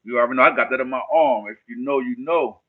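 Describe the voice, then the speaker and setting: A man's voice: mid-range voice, quick pace. A man from New Jersey casually chatting with viewers on a livestream in loose street slang, answering their questions. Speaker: livestream host. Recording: phone-like narrow band.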